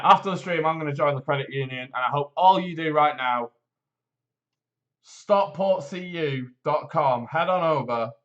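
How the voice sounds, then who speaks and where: A man's voice: medium pitch, a bit bright, highs cut off. A man hosting a local live stream, reading a promotion and rambling in a jokey, self-deprecating way. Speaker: host of a local live show. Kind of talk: casual live-stream chat with read promotion.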